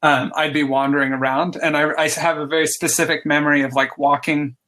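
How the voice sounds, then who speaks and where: Bright-voiced enthusiastic man rambling. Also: on the high side, level tone, brisk. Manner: rambling, lots of "like" fillers, enthusiastic. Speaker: podcast guest, game designer. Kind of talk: casual interview chat.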